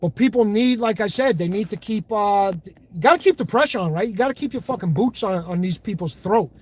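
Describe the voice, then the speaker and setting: A man's voice: sits high, animated, fairly quick, slightly rough. A man hosting a livestream, reading viewer comments in blunt, profane, fiery casual talk. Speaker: livestream host.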